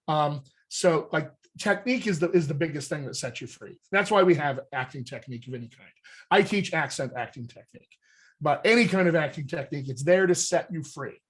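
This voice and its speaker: A man from the United States who coaches voice and dialect, explaining accent technique in an energetic, conversational way and checking in with "all right?". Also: fairly high pitch, a little fast. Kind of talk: coaching talk on a group call.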